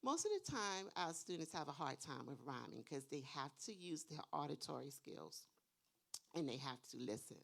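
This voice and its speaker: A woman's voice: low voice, very animated, moderate pace, creaky. A woman who teaches kindergarten, presenting a seminar for parents, explaining skills patiently step by step and often checking in with "okay?".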